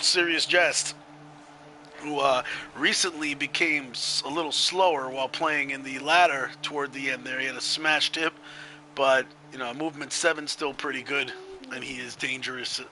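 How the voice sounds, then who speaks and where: A man's voice: medium pitch, bright, forceful tone, slight background noise, low-quality recording. A man commentating a video game match in a chatty way, laughing easily.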